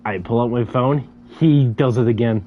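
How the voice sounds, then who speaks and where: Young man, casual storyteller with a stammer, average pitch, light hiss behind him. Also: moderate pace, highs cut off. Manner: stammers, repeating syllables many times.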